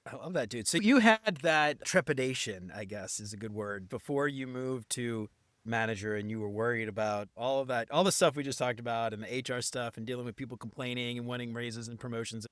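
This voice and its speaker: A man's voice: mid-range voice, a little fast, fairly bright tone, no room sound. A man hosting a podcast, enthusiastic and upbeat, with casual slang. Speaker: podcast host. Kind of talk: casual interview chat and show promo.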